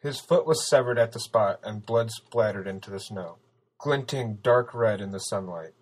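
Low voiced guy reading a story out loud, steady pace. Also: normal speed, low-quality recording. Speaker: narrator. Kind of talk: audiobook narration.

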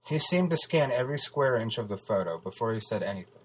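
A man reading a story aloud as narrator, steady and even. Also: mid-range voice, fast talker, slight background noise, low-quality recording. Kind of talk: audiobook narration.

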